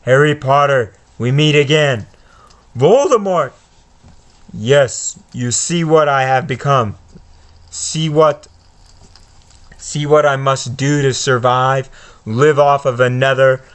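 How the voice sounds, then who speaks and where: A man reading out a sinister male wizard villain's lines from a game, slow and a little louder than his usual talk. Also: mid-range voice, steady tone, clear, resonant tone. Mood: menacing. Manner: reads game dialogue aloud slowly.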